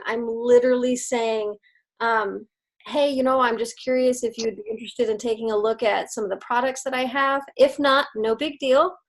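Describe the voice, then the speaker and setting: A woman leading her sales team on a video call, giving casual motivational tips, upbeat and chatty with frequent laughs. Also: a little high.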